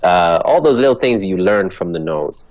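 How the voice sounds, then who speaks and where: A man's voice: sits low, animated, moderate pace, darkish tone, no room sound, dull audio. A man with a transatlantic accent, a guest giving earnest motivational answers in an interview and laughing easily. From Ethiopia. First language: Dutch. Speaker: guest, actor and comedian.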